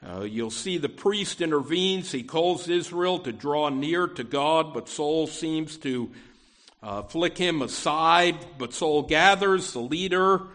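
A man's voice: a little high, slow, a bit bright. A middle-aged man preaching a sermon, talking through scripture off the cuff with frequent restarts. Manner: unscripted delivery with fillers and restarts, quoting scripture.

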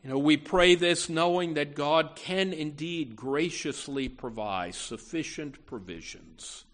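A man's voice: on the high side, slow, fairly bright tone. A man preaching a sermon in an earnest way, often repeating words and saying "you know" as he talks. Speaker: pastor.

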